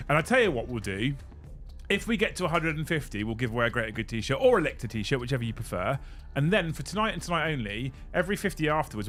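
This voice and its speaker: Excitable British man hosting a livestream. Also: mid-range voice. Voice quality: excitable, swears casually. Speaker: livestream host. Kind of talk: excitable live-stream chat.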